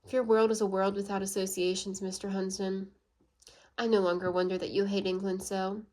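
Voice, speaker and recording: A woman's voice: medium pitch, little pitch movement, a little fast, warm tone, lightly acted. A woman reading aloud, voicing a proud, earnest young Swiss woman in a storybook, close to her own voice.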